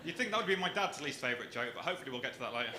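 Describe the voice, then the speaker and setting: A young man with a Birmingham accent doing a stand-up comedy set, delivering dry, deadpan punchlines on a comedy club stage. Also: mid-range voice, rapid-fire. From Birmingham area, England. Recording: echoey club with audience noise.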